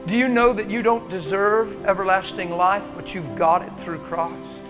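An American man preaching a sermon in a church, impassioned, swinging from loud urging to hushed tones. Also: high voice, fairly even intonation, moderate pace, music in the background. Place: church sanctuary.

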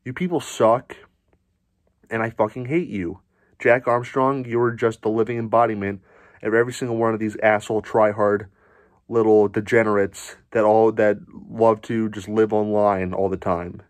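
A man's voice: on the low side, little pitch movement, normal speed, no room sound. A man ranting angrily as a sports fan, furious, swearing and insulting. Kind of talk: angry profane rant.

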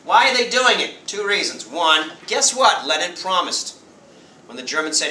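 Lively man lecturing in a roomy classroom. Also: sits high, slight background noise. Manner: lively, acts out quick voices of nations and leaders. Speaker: high school history teacher. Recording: roomy classroom sound from far off.

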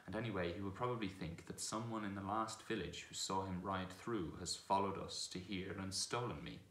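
A man voicing a proud, brisk male talking war horse who speaks with scorn and command. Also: low-pitched, a bit bright, slight background noise. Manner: brisk, commanding, contemptuous at times. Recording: echoey room.

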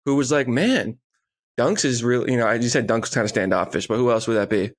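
A man's voice: medium pitch, fairly quick. A man co-hosting a podcast who asks follow-up questions and jokes in a casual chat. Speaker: podcast co-host.

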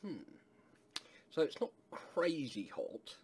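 A man's voice: a little high, sing-song, takes it slowly, a little mellow, husky. A man from England casually reviewing a hot sauce, rambling with lots of fillers and asides.

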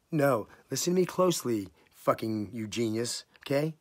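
A man's voice: mid-range voice, lively intonation, moderate pace, few pauses. Angry, foul-mouthed man ranting. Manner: heated, swearing constantly, voice jumping up in outrage. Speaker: vlogger. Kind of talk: angry profane rant to camera.

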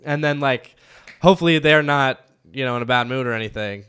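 A man's voice: mid-range voice, brisk, a bit bright, clear, resonant tone. A young man from North Carolina with a light Southern accent, hosting a casual interview and rambling with lots of fillers and restarts. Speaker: podcast host.

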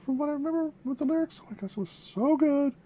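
Gushing woman with a mellow voice. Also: sits high, quick pace. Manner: gushing, effusive, repeats phrases. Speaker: music reaction vlogger. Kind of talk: casual reaction chat.

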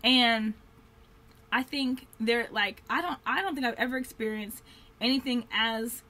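Young woman, fairly high voice, earnest vlogger who rambles and circles back as she talks. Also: unhurried, bright, forceful tone. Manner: earnest, heartfelt, rambling with many fillers. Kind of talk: candid faith-based vlog talk.

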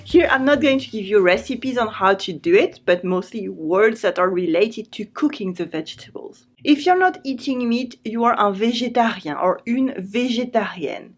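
A woman with a French accent and a fairly high voice gives a vocabulary lesson. She explains clearly and patiently. She repeats each word slowly, as if for students to repeat after her. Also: animated, soft background music. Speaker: French teacher.

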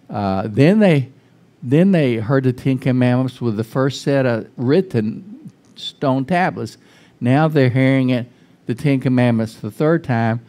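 Man, pastor, folksy church sermon, restarts, asks the congregation questions, average pitch. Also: dark tone. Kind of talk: informal conversational sermon. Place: church sanctuary.

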